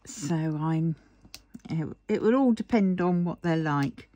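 A woman's voice: low-pitched, takes it slowly, warm tone. A tired woman chatting in a rambling way while she works on a diamond painting, yawning and murmuring to herself. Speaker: craft vlogger.

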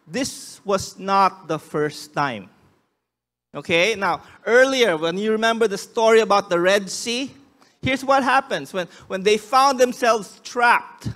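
Very high-voiced male pastor preaching. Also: a bit bright. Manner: emphatic preaching, acting out quoted voices; frequent restarts. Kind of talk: sermon.

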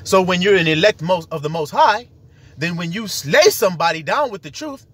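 Man, casual street preacher, husky and high-pitched, swears freely, quotes scripture, animated delivery. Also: moderate pace. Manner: profane, animated, laughs and acts out quotes; cites scripture in slangy street talk. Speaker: self-styled preacher.

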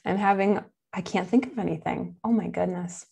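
A woman's voice: medium pitch, steady tone, moderate pace, creaky, darkish tone, breathy edge. A young adult woman with a Buffalo, New York accent, giving an enthusiastic, chatty nature lesson for kids. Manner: enthusiastic, chatty, with fillers and laughs. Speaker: nature educator.

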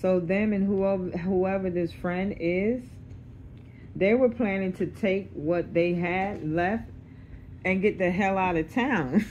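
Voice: medium pitch, slow, darkish tone, dull audio, a little hiss or hum. A tarot reader doing a casual reading to camera, blunt and streetwise, swearing freely and checking in with the listener. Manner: checks in with the listener, repeating "okay?".

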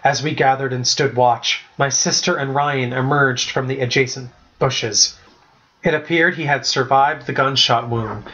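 A man reading a chapter-book story aloud as a first-person narrator, with a steady, even-paced delivery. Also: mid-range voice, dull audio. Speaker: audiobook narrator.

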